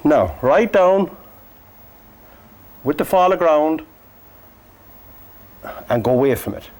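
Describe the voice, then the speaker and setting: A man from Cork with an Irish accent, teaching a painting lesson in a gentle, joking, soft-spoken way. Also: fairly high pitch, lively intonation, takes it slowly, pauses often. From Ireland. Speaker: painting instructor. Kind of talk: painting lesson with chatty asides.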